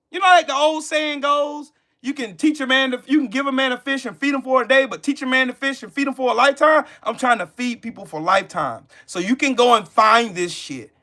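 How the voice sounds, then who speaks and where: A man's voice: very high voice, pushed and bright. A man with a Southern American accent hosting a live stream, ranting about politics bluntly and profanely, repeating himself for emphasis and answering chat.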